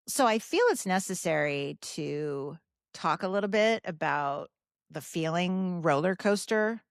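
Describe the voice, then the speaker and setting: A woman in her fifties, hosting a podcast, talking candidly and emotionally about grief in a halting way, with frequent restarts and some swearing. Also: lowish voice, expressive, no echo, studio quality. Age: 50s. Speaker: podcast host. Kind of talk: personal grief talk.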